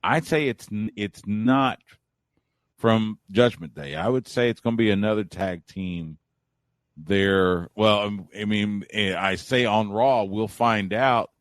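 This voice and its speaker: Low-voiced man rambling as a radio guest. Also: slow, dry recording. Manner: relaxed, rambling, frequent restarts. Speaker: wrestling talk show guest. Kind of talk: casual chat. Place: Central Texas.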